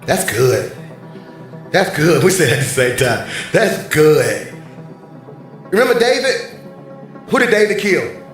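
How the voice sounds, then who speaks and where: A male pastor preaching a sermon from a church stage, animated and bantering with the congregation. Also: high voice. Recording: very echoey hall, faint music.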